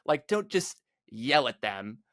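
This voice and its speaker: A man's voice: mid-range voice, big pitch swings, takes it slowly, a bit bright, no echo. Young guy talking straight, lots of "like", dry sound, no room. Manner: blunt, many "like" fillers. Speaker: guest, competitive gamer. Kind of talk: casual podcast chat.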